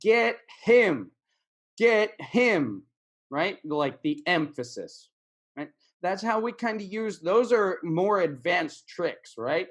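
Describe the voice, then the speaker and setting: A man teaching English in a casual video lesson, repeating words and phrases for practice. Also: a little high.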